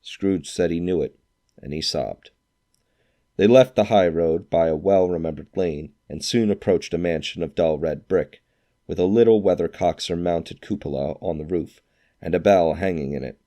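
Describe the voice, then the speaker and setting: The narrator, a man whose voice is very deep and dark, reads from a classic novel with expressive storytelling at a moderate pace, switching into character whenever lines are quoted.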